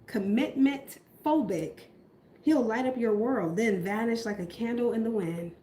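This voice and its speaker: A woman's voice: on the high side, unhurried, dark tone. A woman giving a casual tarot reading in a blunt, outspoken, profane manner. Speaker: tarot reader. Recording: roomy echo.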